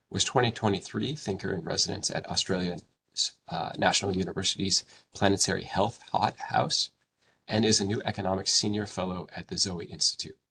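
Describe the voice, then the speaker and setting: A man introduces the guest speaker at a seminar, reading her background in a measured way. His voice is very deep and gravelly, with a faint hiss of noise behind it. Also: a bit bright. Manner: measured, reading a bio with small hesitations. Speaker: seminar host.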